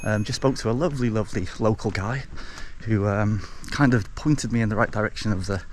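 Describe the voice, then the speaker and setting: A man's voice: fairly low pitch, brisk. A man talking casually to his viewers while walking outdoors, with a chatty manner and a habit of calling them folks. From Wales. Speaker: travel vlogger. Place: outdoors on coastal paths and village lanes. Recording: outdoor camera audio with clear background noise.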